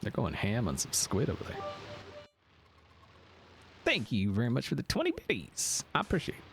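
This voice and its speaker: A man's voice: medium pitch, wildly swooping pitch, normal speed, a little hiss or hum. An American man streaming a game, chatting casually with viewers, rambling and correcting himself as he goes. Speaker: gaming streamer. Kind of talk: casual live-stream chat.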